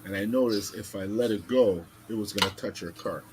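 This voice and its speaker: Casual storytelling podcast host, animated. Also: male voice, lowish voice, brisk, noisy background. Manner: animated, swearing, acts out voices in stories.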